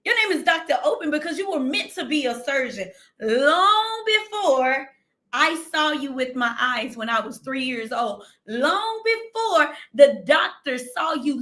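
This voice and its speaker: A woman preaching a livestream sermon, fervent and emphatic, repeating her phrases and slowing down to read scripture, close to tears. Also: high-pitched, pushed and bright. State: near tears.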